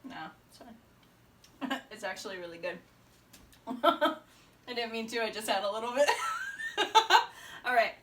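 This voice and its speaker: A woman vlogging casually at home, chatty and relaxed, laughing often between remarks. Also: fairly high pitch, moderate pace, long pauses. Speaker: homesteading vlogger. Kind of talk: casual chat to camera. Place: home kitchen indoors.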